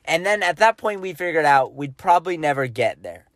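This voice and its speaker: A young man co-hosting a podcast, telling a story in casual chat, animated and tripping over his words as he acts out quotes. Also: fairly high pitch, fairly quick. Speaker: podcast co-host.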